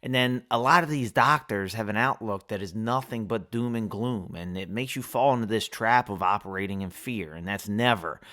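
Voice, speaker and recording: A man hosting a solo podcast, talking candidly and with profanity, moving between heated rants and quiet reflection. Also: normal speed, few pauses. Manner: candid and profane, swinging from heated ranting to low reflective musing. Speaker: podcast host.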